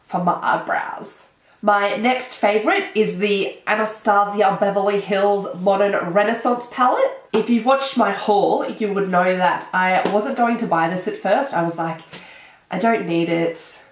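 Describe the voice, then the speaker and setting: Young Australian woman, stuffy-nosed from a cold, chatty and excitable; mid-height voice in an echoey room. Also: mid-range voice, moderate pace, hardly any pauses. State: nasal from a cold. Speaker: beauty vlogger. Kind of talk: casual chat.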